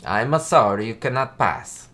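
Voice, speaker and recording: A man's voice: mid-range voice, expressive, measured pace, sharp tone. A man voicing a stern male border guard in an exaggerated, comic mock Italian accent.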